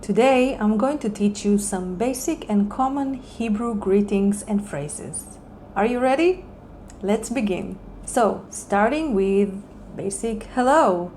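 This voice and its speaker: Casting: woman, mid-pitched, patient lesson delivery, faint hiss behind. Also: lively intonation, mellow. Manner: clear, patient, slow example phrasing. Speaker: Hebrew teacher. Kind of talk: language lesson.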